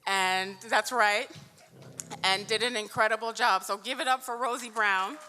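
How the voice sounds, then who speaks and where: A woman's voice: fairly high pitch, fairly even intonation, moderate pace, pushed and bright, slight background noise. A woman from New York giving an emphatic, heartfelt award acceptance speech in a large event hall. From New York, USA. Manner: emphatic and heartfelt, stretching key words. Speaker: award honoree and union vice president. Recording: echoey hall.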